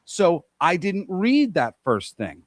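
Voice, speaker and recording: A man's voice: sits high, wildly swooping pitch, slow, no room sound. A man co-hosting a podcast, ranting emphatically with lots of profanity. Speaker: podcast co-host. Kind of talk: heated casual podcast rant.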